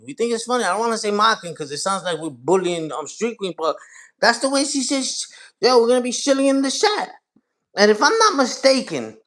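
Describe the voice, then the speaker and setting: A man's voice: sits high, fairly bright tone. Guy in his 40s going off on his livestream, cussing a lot, rambling to chat. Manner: profane, rambling, talks straight to chat. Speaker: livestream host.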